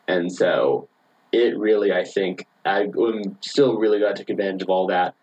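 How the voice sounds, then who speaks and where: Young man, twenties, deep-ish voice, breathy edge, casual rambling chat. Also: normal speed, darkish tone, dull audio. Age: 20s. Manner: rambling, filler-heavy, laughs often. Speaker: podcast guest.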